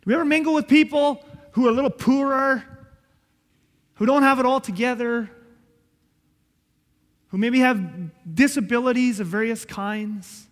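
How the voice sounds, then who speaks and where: A man preaches with earnest emphasis, his fairly high voice rising in loud urging and dropping to near-hush. The sound carries a long reverb from the church hall around him. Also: normal speed, pauses often. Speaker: pastor. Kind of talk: sermon.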